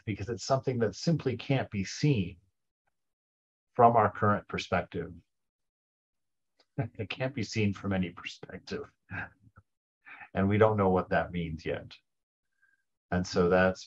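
A man's voice: on the low side, normal speed, pauses often, dull audio. A man teaching a group in an informal spiritual talk. He chuckles often and stops, restarts and repeats words as he looks for phrasing. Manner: chuckles often, loose and conversational.

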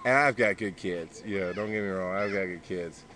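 A man's voice: sits low, moderate pace, pushed and bright. A man talking casually to the camera in a blunt, profane way, scolding his kids between thoughts, outdoors by a pool. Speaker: podcaster and father. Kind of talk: casual vlog monologue.

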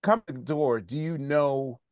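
A man's voice: mid-range voice, a little slow, clean tone, no room sound, lo-fi sound. A man hosting a podcast interview, thinking aloud as he puts together a long, winding question. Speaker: podcast host.

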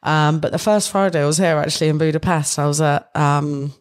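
A woman's voice: deep voice, fairly even intonation, a little fast. A young British woman from the UK, chatting casually as an interview guest, rambling with fillers and frequent laughter. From United Kingdom. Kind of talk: casual chat.

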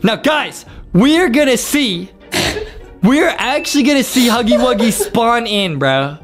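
A man's voice: very high voice, animated, unhurried, faint music behind. A man co-hosting a gaming channel, giving hyped, exclamatory gameplay commentary. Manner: hyped and exclamatory, says bro a lot.

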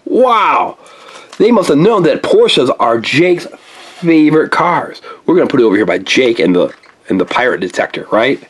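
A woman's voice: extremely low pitch, normal speed, slightly rough. A woman hosting a playful toy unboxing, exclaiming over each find and coaxing a young helper along. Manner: animated, exclaiming over toys, coaxing a child.

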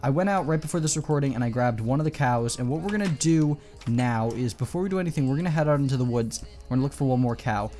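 A man's voice: medium pitch, quick pace, few pauses, warm tone, soft background music. Chatty man narrating his gameplay. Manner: chatty, rambling, coaxing in-game animals. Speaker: gameplay commentator. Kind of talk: casual gameplay commentary.

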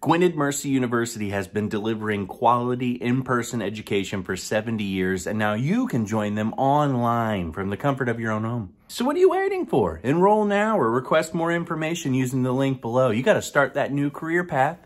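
A man's voice: mid-range voice, brisk, hardly any pauses. A man hosting a comedic sponsored countdown, talking playfully with sudden whispered asides. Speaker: comedian host of a sponsored segment.

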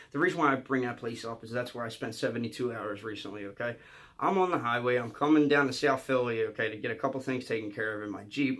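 A man, telling a rambling, profane storytime monologue and ending lines with a quick "okay?". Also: mid-range voice, a bit bright. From Philadelphia area. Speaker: comedian.

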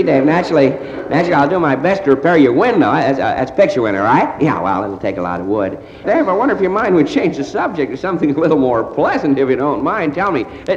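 A man's voice: medium pitch, animated, fast talker. A man doing a stand-up comedy monologue as one side of a phone call, rambling groggy and sheepish with constant stammers and hesitations. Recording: roomy, dull, hissy old vinyl live recording.

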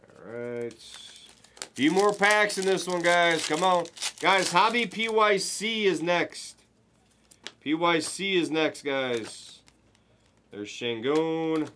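A man hosting a live card break, giving excited running commentary as he opens packs and chats with viewers. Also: on the high side, slight background noise.

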